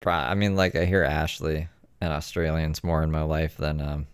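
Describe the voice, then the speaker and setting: A man's voice: very deep voice, little pitch movement, normal speed, clean tone, no echo. A man reading chat aloud and tossing in crude, teasing side comments. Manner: teasing, crude, wandering musings.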